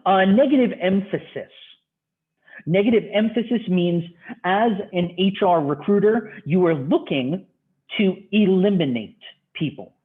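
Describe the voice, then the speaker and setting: A man's voice: sits high, measured pace. A male university instructor giving an online class lecture in a conversational way, firing off rhetorical questions to his students. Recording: tinny phone-like audio.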